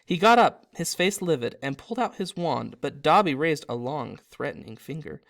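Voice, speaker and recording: A man reading his own storybook aloud, animated, with occasional slips and self-corrections. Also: a little high, normal speed, vocal fry. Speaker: narrator and author.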